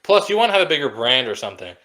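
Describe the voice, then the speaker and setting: A young man with a bright, crisp tone who talks fast and jokes with his co-host. He chats casually and slips into acted-out quotes. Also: mid-range voice, big pitch swings. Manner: fast, joking, acts out quotes. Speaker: podcast co-host. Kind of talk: casual chat.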